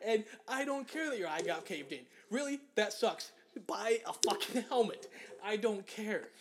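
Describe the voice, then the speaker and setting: A man's voice: sits high, lively intonation, moderate pace, a little hiss or hum. A young man co-hosting a casual chat, ranting angrily and profanely about sports and mocking people in put-on voices. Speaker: podcast co-host.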